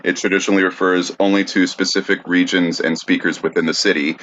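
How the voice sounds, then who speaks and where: A man from the United States co-hosting a podcast, reading notes aloud with many halting fillers. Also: deep voice, little pitch movement, fairly bright tone, lo-fi sound. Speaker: podcast co-host.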